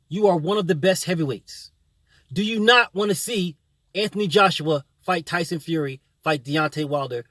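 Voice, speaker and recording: High-voiced man ranting profanely. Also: fairly bright tone, dry recording. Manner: profane, repetitive, combative. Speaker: boxing channel host. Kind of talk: heated opinion rant.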